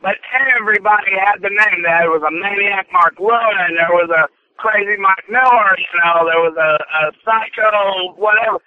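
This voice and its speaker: A man in his forties, a wrestler guest calling in by phone, talking in a loud, blustering promo style. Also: sits high, fairly even intonation, normal speed, few pauses, no room sound. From US Midwest. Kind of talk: phone-in interview. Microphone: telephone. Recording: tinny phone line.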